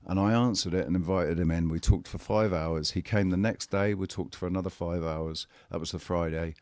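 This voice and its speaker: Candid low-voiced man telling a story. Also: fairly even intonation, darkish tone, clear, resonant tone, no echo, clean studio sound. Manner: candid, blunt storytelling with swearing; halting, with frequent restarts. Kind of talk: casual chat.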